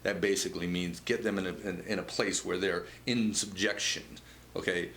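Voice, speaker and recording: A man's voice: low voice, fairly even intonation, moderate pace, a bit bright. A man hosting a political commentary show, talking conversationally with frequent stammered restarts and repeated words. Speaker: show host. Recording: echoey room with faint noise.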